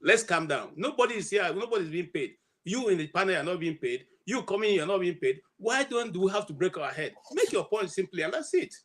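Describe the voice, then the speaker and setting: A man moderating a heated online panel, firmly pleading for calm. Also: high voice, a little fast, few pauses. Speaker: host and moderator.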